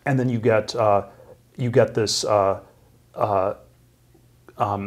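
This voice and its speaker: A middle-aged man telling a long story as an interview guest, halting, with many fillers and restarts. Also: on the low side, fairly even intonation.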